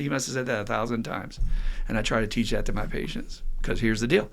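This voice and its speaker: A middle-aged man, hosting a podcast as an addiction counselor and telling stories in a lively way. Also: on the low side, fast. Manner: lively storyteller who acts out quotes with laughs. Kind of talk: casual podcast monologue.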